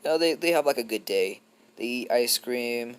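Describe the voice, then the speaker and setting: A man's voice: mid-range voice, expressive, moderate pace, clean tone. A young man improvising a casual fan story, rambling and heavy with fillers and restarts.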